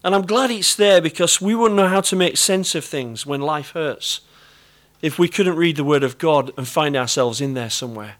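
A middle-aged British preacher delivers a sermon in an earnest, conversational way, often repeating his key phrases. His voice sits a little high and a bit bright, at normal speed.

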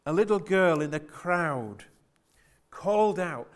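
A man's voice: a little high, expressive, slow. A man preaching a sermon to his church in an earnest way, often repeating phrases and asking the congregation rhetorical questions.

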